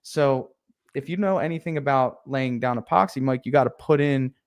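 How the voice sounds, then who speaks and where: A man's voice: mid-range voice, moderate pace, smooth. A young man telling a story in casual talk as a podcast guest, acting out his own past lines with energy. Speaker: podcast guest, painting contractor.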